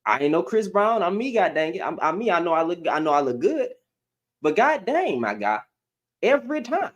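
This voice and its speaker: A man's voice: high voice, very animated, brisk. A young man ranting through a reaction commentary at home into his webcam, repeating himself in disbelief. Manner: ranting, repeats phrases, incredulous. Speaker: commentary vlogger. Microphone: computer webcam.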